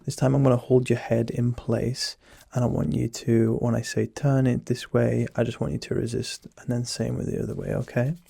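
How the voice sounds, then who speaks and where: Soft and husky, a young man's low whisper has a gravelly edge and a dark, mellow tone as he role-plays a teasing doctor. He delivers it flatly at normal speed, hardly pausing, close and dry on the mic with no echo.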